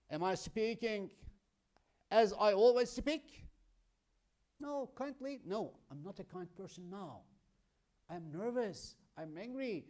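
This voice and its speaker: A man teaching an English grammar lesson, explaining slowly and emphatically through examples. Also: high-pitched, a little mellow. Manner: slow, emphatic, explains with examples, keeps saying "my friends".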